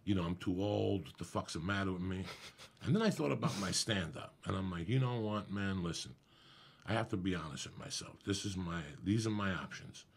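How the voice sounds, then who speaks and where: Man, middle-aged, gravelly, husky, low voice, profane animated storytelling, casual podcast. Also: fairly quick. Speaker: comedian guest.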